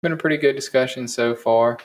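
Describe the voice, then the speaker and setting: A man's voice: medium pitch, brisk, a little hiss or hum. A man co-hosting a podcast in casual chat, laid-back and joking. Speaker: podcast co-host.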